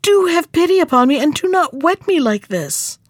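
A woman voicing a selfish, boastful male half-chick from a storybook, curt and scornful, turning shrill when he begs. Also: big pitch swings, moderate pace, no echo, clean studio sound. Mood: pleading.

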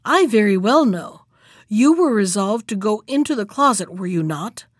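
A woman's voice: medium pitch, lively intonation, normal speed, no room sound, studio quality, lightly acted. A woman reading the part of a cruel, menacing nobleman in a storybook, in a cold, commanding manner. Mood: stern.

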